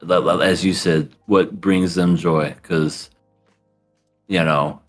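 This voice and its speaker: A man co-hosting a podcast, chatting about anime in an animated, joking way. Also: deep voice, takes it slowly, soft background music. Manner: animated and joking, swooping into silly voices. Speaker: podcast co-host. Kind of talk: casual chat reviewing anime.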